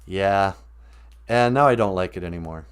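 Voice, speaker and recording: A man's voice: low-pitched, normal speed, smooth. A man from Minnesota, telling a loose, joking, rambling story on a live stream.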